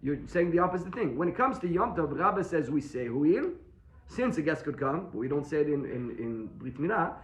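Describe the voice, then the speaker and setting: A man's voice: on the high side, sing-song, a little fast, roomy sound. A man teaching a daily Talmud class to students, explaining step by step and answering his own questions. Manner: explains step by step, repeats points and asks rhetorical questions.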